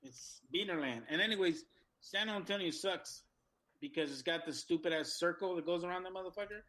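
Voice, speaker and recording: A man co-hosting an internet radio talk show, talking loudly and ranting with lots of profanity in casual banter. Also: high voice, fairly quick.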